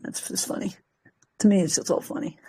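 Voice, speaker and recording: On a group call, a Peruvian woman with a brisk, warm voice tells chatty stories in casual conversation, laughing often and acting out what people said.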